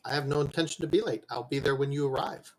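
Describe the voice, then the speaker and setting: A man voicing an earnest male merchant patron who bargains in a steady, insistent way. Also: medium pitch, quick pace, close to an everyday voice, rough recording. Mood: firm. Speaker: game master.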